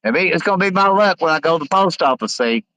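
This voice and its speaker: A man's voice: on the high side, animated, fast talker, bright, forceful tone, no room sound, poor audio. A man hosting a casual live stream, reading viewer comments aloud and answering in a rambling, blunt, joking way. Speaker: livestream host reading chat.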